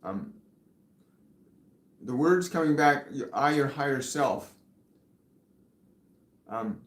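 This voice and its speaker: Soft-spoken man in a roomy space. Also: mid-range voice, animated. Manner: soft-spoken, gentle, pauses and fillers, drops to near whisper at times. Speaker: spiritual medium hosting live Q&A. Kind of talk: live-stream channeling and reading viewer questions.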